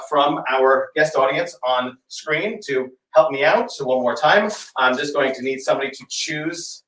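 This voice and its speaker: Brief: male magician, comic patter full of fillers, somewhat high pitch, echoey room, off-mic. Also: fairly bright tone. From United States. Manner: chatty, halting with many fillers. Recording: roomy sound, distant from the mic.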